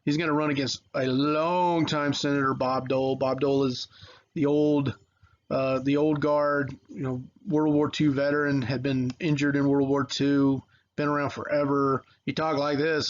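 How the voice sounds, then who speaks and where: A man's voice: mid-range voice, little pitch movement, normal speed, dull audio. A man teaching a recorded history video lesson in a casual, rambling way with lots of fillers and restarts.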